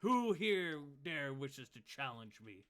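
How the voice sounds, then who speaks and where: A man voicing a boastful, bragging male half-orc duelist who laughs loudly at his own prowess. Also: on the high side, sing-song, slow, clear, resonant tone, full character voice.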